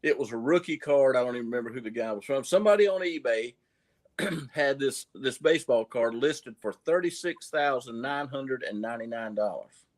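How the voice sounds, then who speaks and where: A man's voice: mid-range voice, lively intonation, normal speed. A man with a Southern accent, a coin dealer guest on a livestream, telling long folksy stories and often repeating words as he goes. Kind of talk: casual livestream chat.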